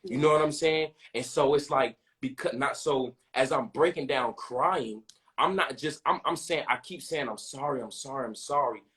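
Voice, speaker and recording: A man's voice: fairly high pitch, normal speed, a bit bright. A young man telling a personal story in an open, earnest way, often repeating himself and asking "you know what I'm saying". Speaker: podcast host.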